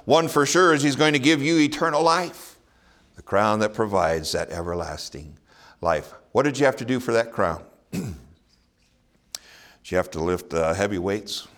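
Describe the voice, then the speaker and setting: A middle-aged pastor preaches with earnest conviction. His voice sits a little low, and he leans on rhetorical questions and chuckles softly between points. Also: unhurried, pauses often. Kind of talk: sermon.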